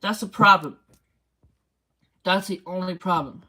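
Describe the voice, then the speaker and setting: A woman's voice: lowish voice, a little slow, sharp tone. A tearful woman in a motel room, talking in an emotional livestream rant and asking the same pleading questions again and again.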